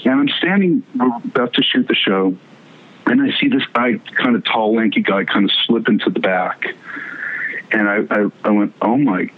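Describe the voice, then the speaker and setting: A man telling a long anecdote as an interview guest, animated, acting out quoted voices, with many restarts. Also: fairly low pitch, moderate pace. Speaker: TV producer and guest. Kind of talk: storytelling in conversation. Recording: tinny phone-like line.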